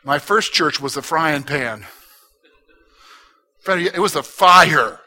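A man pastor preaching a sermon, swinging between loud urging and hushed, intimate talk and repeating short exhortations. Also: a little high, animated, slow pace.

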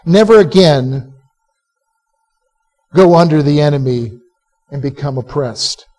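A male pastor preaching a sermon to a live congregation, animated and conversational, quizzing listeners to answer back. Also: on the high side, slow pace. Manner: direct, conversational asides to the listeners. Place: church service before a live congregation.

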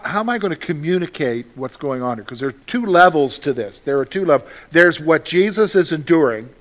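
A man preaching a sermon as a pastor, reading scripture aloud and answering questions he poses himself, with emphatic delivery. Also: on the high side.

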